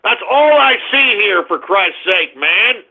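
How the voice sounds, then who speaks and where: A man hosting a radio show, ranting in exasperation at his chat room, swinging between groans and shouts. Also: high voice, sing-song, a little slow. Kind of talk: exasperated live call-in banter. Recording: tinny phone-line sound.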